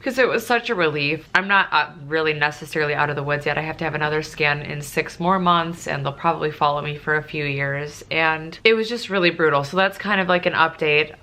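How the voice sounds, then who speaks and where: A woman's voice: deep voice, a little fast, hardly any pauses, sharp tone. A young woman chatting through a casual Q&A vlog, emotional and close to tears at times, with lots of fillers. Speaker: nurse and vlogger.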